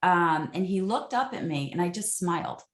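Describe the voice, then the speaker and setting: Her pitch is fairly low and her pace moderate, and the room adds noticeable reverb. This woman, formerly a military interrogator, tells animated stories in an interview, acting out the exchanges she quotes.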